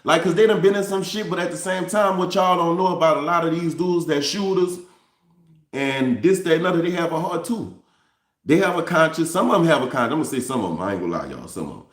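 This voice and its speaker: A man's voice: fairly high pitch, expressive, fast talker, echoey room. A man, speaking straight to his viewers in a candid, repetitive storytelling monologue. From New Orleans. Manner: repetitive, restarts phrases, addresses viewers as y'all. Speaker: vlogger.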